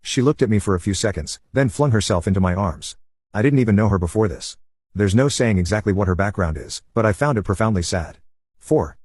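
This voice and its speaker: Husky low-voiced man reading stories. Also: no room sound, studio quality. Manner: even, unhurried reading with no fillers. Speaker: narrator. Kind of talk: reading online stories aloud.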